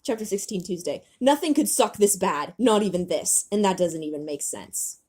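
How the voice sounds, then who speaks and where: A young woman with a husky, slightly breathy voice reads her own childhood novel aloud. Her pitch swings widely as she acts out the dialogue, and she keeps breaking off to mock her old writing. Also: moderate pace. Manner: animated reading, breaking into laughter.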